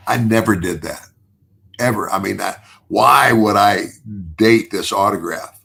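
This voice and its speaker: Older male guest, low gravelly voice, loose storyteller who repeats and restarts words. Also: a little slow, pushed and bright. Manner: chuckles through his own story. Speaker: podcast guest. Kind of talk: casual storytelling.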